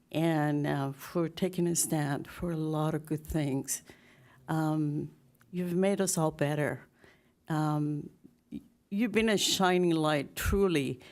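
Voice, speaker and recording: A woman at a city council podium speaking in tribute, sincere and halting, often pausing with "um". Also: low-pitched. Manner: halting with many fillers, warmly sincere. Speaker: public commenter. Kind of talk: public comment tribute.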